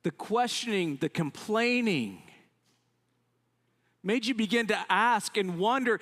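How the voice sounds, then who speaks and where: A male pastor delivers a sermon in an unhurried, deliberate way, his voice rising and falling widely as he retells a story. He talks conversationally, sprinkling in asides and acting out the complaints of the people in the story. The sound rings with the long reverb of a church sanctuary. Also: sits high. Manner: animated storytelling, acts out quoted complaints; conversational, frequent "I mean" asides.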